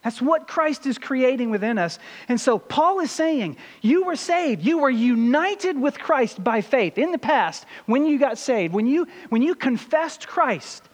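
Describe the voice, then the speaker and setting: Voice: sits high, lively intonation, measured pace, hardly any pauses, in a large hall. A pastor preaching a sermon with emphasis and putting rhetorical questions to the congregation.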